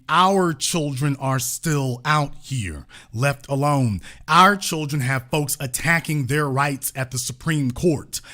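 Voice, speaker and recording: A man's voice: mid-range voice, a bit bright. A man hosting a political commentary show, delivering an emphatic, sarcastic, colloquial monologue. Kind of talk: opinionated monologue.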